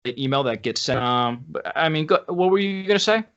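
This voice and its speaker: A man's voice: a little high, lively intonation, a little fast, fairly bright tone, dull audio. A man hosting a podcast in a casual, conversational way, with plenty of fillers. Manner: conversational, full of "you know" fillers. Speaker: podcast host.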